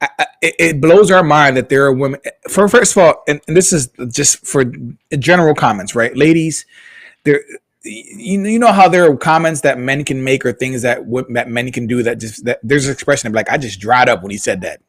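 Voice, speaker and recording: A man's voice: medium pitch, brisk. A man co-hosting a podcast, talking in a casual, emphatic way and often repeating his words. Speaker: podcast co-host. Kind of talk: casual chat.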